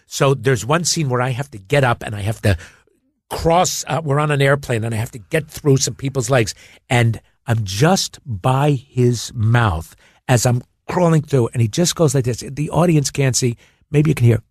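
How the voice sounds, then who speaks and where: A man's voice: medium pitch, normal speed, no room sound, clean studio sound. A man being interviewed as a guest, telling anecdotes in casual chat, stammering and restarting as he acts them out. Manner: animated storyteller who stammers and restarts while acting out anecdotes.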